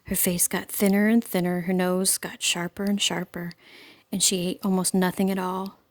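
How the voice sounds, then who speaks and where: A woman reading a children's book aloud in a calm, expressive storytelling voice. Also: fairly low pitch, moderate pace.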